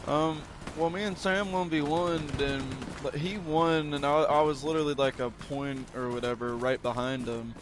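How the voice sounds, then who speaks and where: A man's voice: a little high, fairly even intonation, moderate pace, hardly any pauses, background noise. A man telling a casual, rambling story about a game match, swearing often and restarting sentences. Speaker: gaming video creator.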